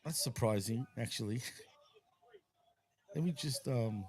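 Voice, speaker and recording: A man's voice: medium pitch, takes it slowly, darkish tone. Laid-back swearing man on a stream. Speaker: host. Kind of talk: casual chat on a wrestling watch-along stream.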